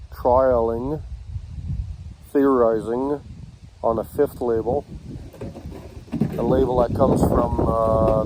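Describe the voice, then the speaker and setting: A man teaching communication techniques, speaking in short halting phrases with pauses between them. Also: mid-range voice, heavy background noise. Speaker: communication instructor. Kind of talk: slow instructional talk.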